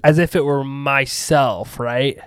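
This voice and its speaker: A man's voice: mid-range voice, fairly even intonation, takes it slowly, clear, resonant tone, no room sound. Chatty rambling man with a dry sound. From rural US. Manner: rambling anecdotal storyteller with restarts and asides. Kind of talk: casual chat, storytelling.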